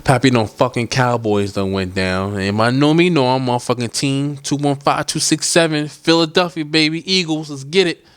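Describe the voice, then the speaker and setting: Into a studio microphone, headphones on, a man hosts his own podcast with a steady, smooth, medium-pitched voice at a moderate pace with few pauses and no echo. The talk is loose and rambling, sprinkled with profanity.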